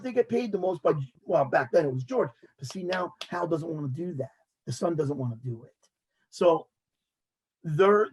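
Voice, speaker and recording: A man, hosting a casual sports talk show and ranting in an animated way while mocking others' words. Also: high-pitched, breathy edge, rough recording.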